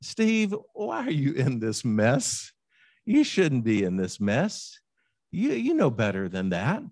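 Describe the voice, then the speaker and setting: God, calm and searching, soft questioning voice, a preacher doing him mid-sermon, dry sound. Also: male voice, mid-range voice, slow pace, no room sound, full character voice. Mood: gently probing.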